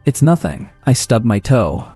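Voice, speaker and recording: Casting: a man playing a timid, stammering middle-aged mother, mellow low voice, in a comic recap story. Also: sing-song, unhurried, slightly rough, soft background music. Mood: nervous. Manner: stammering, hesitant.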